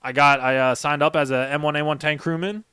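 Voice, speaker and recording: A man's voice: fairly high pitch, fairly even intonation, brisk, bright, forceful tone, clean tone, no room sound, studio quality. A young man and former Marine sergeant who hosts a podcast. He tells stories in a rambling, emphatic way and swears heavily. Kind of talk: casual storytelling chat.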